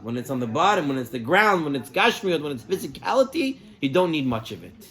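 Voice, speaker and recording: Brief: male rabbi, sermon delivery, higher-than-usual voice, animated storyteller weaving in Hebrew words. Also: quick pace.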